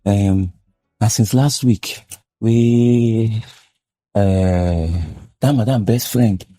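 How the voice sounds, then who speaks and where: A man's voice: on the low side, very slow, warm tone, no echo. An actor playing an anxious gateman who pleads in rambling Nigerian Pidgin, with a Nigerian accent. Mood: confiding. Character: anxious male gateman pleading to keep his job.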